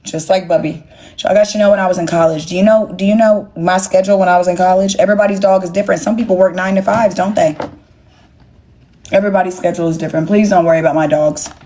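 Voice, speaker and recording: A woman's voice: fairly low pitch, fairly even intonation, fast talker, mellow. Sassy, profane young woman streaming live. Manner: blunt, profane, sassy, talks straight to chat. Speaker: livestream host. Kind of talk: casual livestream rant to viewers.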